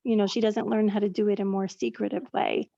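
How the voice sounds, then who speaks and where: Teacher, woman, gravelly edge, hesitant and rephrasing, on a muffled video call. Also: mid-range voice, flat delivery, a little fast, mellow, no room sound. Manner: searching, full of fillers and rephrasing. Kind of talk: question from a webinar attendee.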